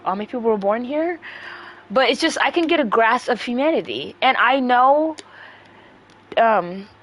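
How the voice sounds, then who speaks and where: A young woman ranting on a livestream into a close mic, combative and full of swearing, talking fast and breathing hard. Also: fairly high pitch, expressive. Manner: profane, combative, rapid rants with breathing. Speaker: livestreamer answering chat.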